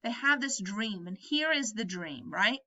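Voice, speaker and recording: A woman's voice: mid-range voice, animated, measured pace, pushed and bright, dull audio. A woman teacher explaining a novel to students in a conversational way, often checking whether they follow. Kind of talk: recorded lesson reviewing a novel.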